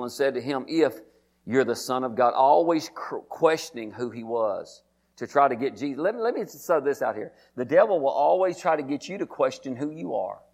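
A man's voice: a little high, vocal fry. A man, a pastor preaching a sermon, reading scripture aloud and calling out to his congregation.

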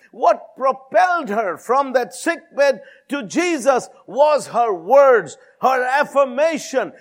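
A man preaching a sermon in an emphatic, repetitive style, calling out to his listeners. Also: very high-pitched.

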